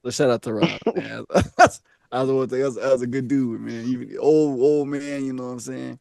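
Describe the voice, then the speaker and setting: A man co-hosting a comedy podcast, telling an animated story, laughing often and acting out each character. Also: mid-range voice, brisk, creaky, no room sound, clean studio sound. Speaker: podcast co-host.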